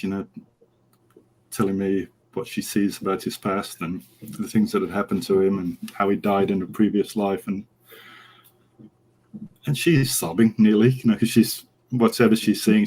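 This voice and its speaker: A man's voice: fairly low pitch, moderate pace, breathy edge, poor audio. A middle-aged man, a horse trainer, telling a story as a podcast interview guest and acting out the dialogue as he goes. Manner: animated anecdote, acting out quoted dialogue.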